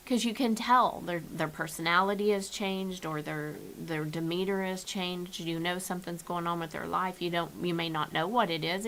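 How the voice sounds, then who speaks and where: A woman's voice: fairly low pitch, fairly bright tone, low-quality recording. A woman giving an informal devotional message from home, speaking earnestly, often repeating and restarting her words. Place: at home, with her dog nearby.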